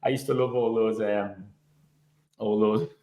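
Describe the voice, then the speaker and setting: A middle-aged man, a former footballer hosting a podcast, trading anecdotes in casual chat, his voice jumping up when he gets animated. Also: unhurried. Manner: chatty anecdotes, leaps up in pitch when animated. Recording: roomy echo.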